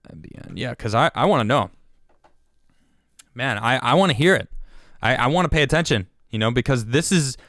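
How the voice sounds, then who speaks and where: A man's voice: medium pitch, a bit bright, dry recording, studio quality. A man hosting a livestream and giving heated political commentary. He stammers, restarts and repeats his words. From United States. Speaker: show host.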